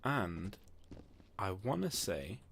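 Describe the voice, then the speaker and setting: In a low-pitched, creaky, sing-song voice with a fairly bright tone, a man slowly narrates a tabletop game as game master, alone in a room. He rambles casually, often stopping to pose questions to himself, against slight background noise.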